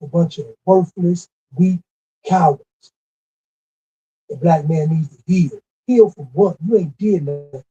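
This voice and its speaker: A man's voice: on the high side, unhurried, dark tone, slightly rough. A man delivering a scolding, repetitive commentary rant with emphatic stresses. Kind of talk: ranting monologue. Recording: dull lo-fi recording.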